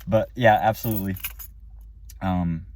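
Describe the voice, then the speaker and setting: A man's voice: sits low, steady tone, a little slow, darkish tone, a little hiss or hum. A man giving a casual, rambling spoken movie review, full of fillers and restarts. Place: car or room after the movie.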